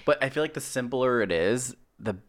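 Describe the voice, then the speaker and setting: A man hosting a casual podcast who reacts warmly to his guest and asks short follow-up questions. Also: mid-range voice, animated, fairly quick. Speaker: podcast host.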